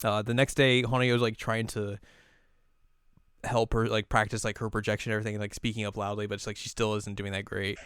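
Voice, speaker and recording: A man co-hosting a casual chat, retelling an anime episode in a rambling, animated way. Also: fairly low pitch, brisk, clean tone, dry recording, clean studio sound. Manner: rambling, animated storytelling with laughs. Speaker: co-host.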